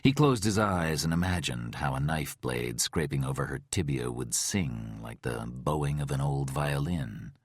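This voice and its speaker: A male audiobook narrator with a low, husky voice reads at a slow, deliberate pace. His delivery rises and falls widely, and the recording is dry and close. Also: lively intonation, no echo. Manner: slow, deliberate, tense storytelling.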